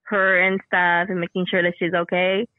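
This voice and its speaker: A woman's voice: fairly low pitch, completely flat delivery, moderate pace, no room sound, narrow, tinny audio. Woman in her forties as a podcast guest, chatty and exclamatory, dry sound. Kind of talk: casual chat.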